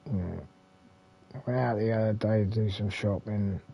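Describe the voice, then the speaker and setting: A man's voice: on the low side, steady tone, normal speed, vocal fry, breathy edge, muffled recording. A man with an English accent, hosting a retro gaming channel, rambling casually with mild swearing and lots of fillers and restarts.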